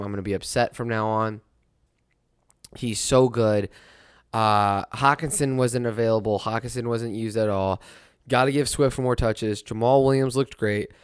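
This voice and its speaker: A man's voice: medium pitch, clear, resonant tone, no room sound, clean studio sound. A young adult man hosting a casual sports talk monologue, rambling and rueful, laughing at his own misery. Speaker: podcast host.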